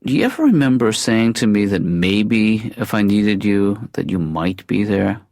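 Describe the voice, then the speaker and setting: An actor playing a mild middle-aged male therapist in an animated sitcom, with a soft deadpan delivery. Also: fairly low pitch, unhurried, no room sound, clean studio sound. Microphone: dry studio mic.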